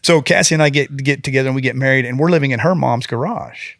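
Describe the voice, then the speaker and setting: A man in his forties talks in a middle pitch, earnest and rambling as he tells his stories. He slips into other people's voices when quoting them. The sound is dry and close, with no room around it. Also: fast talker, vocal fry, fairly bright tone, dry recording. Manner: earnest, rambling, acts out quotes. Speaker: guest police officer. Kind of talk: casual podcast storytelling.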